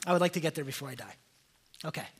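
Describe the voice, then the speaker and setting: Animated young preacher with a husky voice. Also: male voice, on the high side, racing. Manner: animated, conversational, many fillers and restarts. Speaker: pastor. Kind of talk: casual sermon storytelling.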